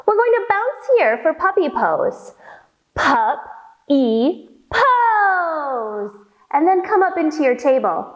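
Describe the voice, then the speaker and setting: A woman's voice: extremely high pitch, very animated, moderate pace, hardly any pauses, a little mellow, lo-fi sound. A young woman leading a children's yoga storytime, cheerful and encouraging, with playful animal sounds. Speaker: kids yoga instructor.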